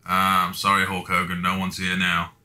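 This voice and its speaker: A man's voice: deep voice, completely flat delivery, moderate pace, bright, forceful tone. A man casually talking to himself while playing a video game, joking and swearing freely. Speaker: gaming video host. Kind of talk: let's play commentary.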